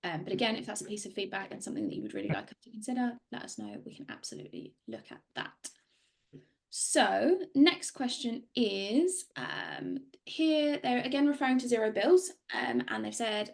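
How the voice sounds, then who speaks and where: A woman hosts a webinar Q&A over a video call. Her voice sits a bit high with a gravelly fry, and she moves through audience questions in a friendly, organised way. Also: big pitch swings, moderate pace, darkish tone. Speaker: webinar host. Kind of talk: webinar presentation and Q&A.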